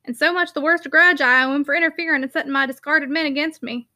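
A woman's voice: sits high, steady tone, fast, sharp tone, no room sound, studio quality. A woman voicing a terse, reserved male mill owner with clipped replies. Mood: curt.

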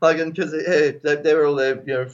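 A man's voice: a little high, steady tone, fairly quick, muffled recording. A man with an Australian accent, a podcast guest telling rambling stories in casual chat, swearing freely and laughing as he goes. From Melbourne, Australia.

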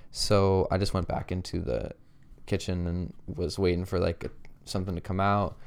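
A man's voice: deep voice, little pitch movement, normal speed, gravelly, darkish tone, clean tone. A man who works at a restaurant, rambling through a work story in casual chat and acting out what people said. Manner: rambling storyteller, lots of likes, acts out quotes. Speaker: restaurant worker telling a story.

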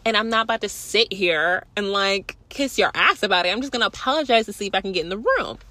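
A young woman tells a storytime rant with a bright, sharp tone, sarcastic and profane. Her voice is a little high and swings widely from line to line. The sound is dry and close. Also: lively intonation, fast talker, dry recording. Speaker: vlogger.

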